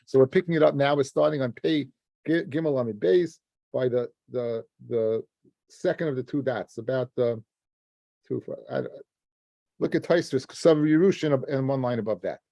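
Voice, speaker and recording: A man's voice: mid-range voice, moderate pace, gravelly, mellow, dry recording. A man teaching a daily Talmud class, explaining step by step and often restarting words as he addresses his listeners as guys.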